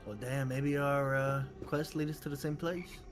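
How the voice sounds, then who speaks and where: A man's voice: medium pitch, fairly even intonation, moderate pace, soft background music. A man playing a tabletop game, speaking in a drawling, folksy way as his character. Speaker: player.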